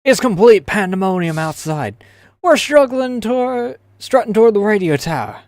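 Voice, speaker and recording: A hoarse streamer voicing a rough female orc-like gang member with a forced, put-on English accent. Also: mid-range voice, expressive, moderate pace, darkish tone, dry recording, pitched above the performer's own voice, natural voice. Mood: urgent. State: hoarse, strained throat. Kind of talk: voicing game dialogue.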